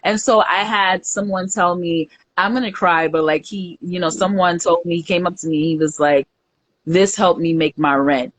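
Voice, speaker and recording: A woman speaks in a slightly low, full voice as a guest in a casual interview. She talks with warmth and feeling, chatty and earnest, with plenty of fillers. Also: normal speed, dry recording. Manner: heartfelt, emotional, chatty with fillers. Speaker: guest, entrepreneur and market organizer.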